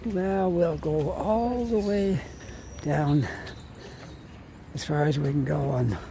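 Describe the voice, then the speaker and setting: Man, fairly high voice, unhurried, rambling, casual walking vlog, phone recording, faint street noise. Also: gravelly. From Canada. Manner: chatty, rambling, thinks aloud. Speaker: walking vlogger. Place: city streets outdoors. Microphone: phone held while walking. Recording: outdoor street noise behind.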